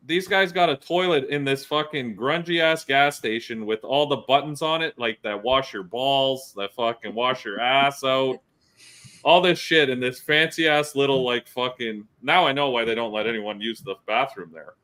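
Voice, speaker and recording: A man's voice: mid-range voice, normal speed. A male podcast host, telling profane stories in casual chat. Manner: profane, animated storyteller.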